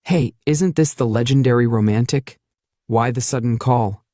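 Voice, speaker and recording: A man voicing a sharp, professional, ambitious businesswoman. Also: medium pitch, normal speed, dry recording, clean studio sound, close to an everyday voice. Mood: smug.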